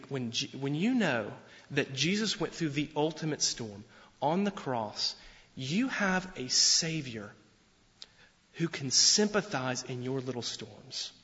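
A man preaching a sermon as pastor, earnest and deliberate, slowing down and swelling his voice for emphasis. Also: medium pitch, bright, forceful tone. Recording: dull sound with long hall reverb.

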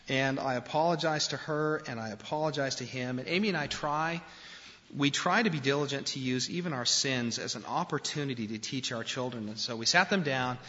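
A man's voice: mid-range voice, normal speed, sharp tone. A man preaching a sermon, speaking earnestly and directly to the men in his congregation. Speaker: pastor. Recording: dull lo-fi recording in a reverberant hall.

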